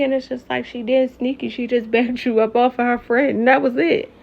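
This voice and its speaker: A woman casually recapping a reality show, animated and opinionated, talking straight to her viewers. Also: on the high side, normal speed, vocal fry, muffled recording.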